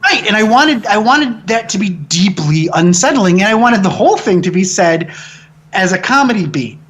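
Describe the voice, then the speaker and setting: Excitable swearing man talking film. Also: sits high, moderate pace, breathy edge. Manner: excitable, swears freely, jokey storytelling. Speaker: film director, interview guest. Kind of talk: animated casual interview.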